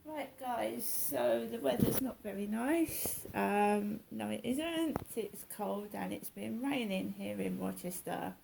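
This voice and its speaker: Speaking slowly and creakily in a mid-range voice with hardly any pauses, a middle-aged woman rambles and repeats herself in a casual morning vlog filmed inside her home. The background is noisy, and the recording sounds roomy with a distant mic.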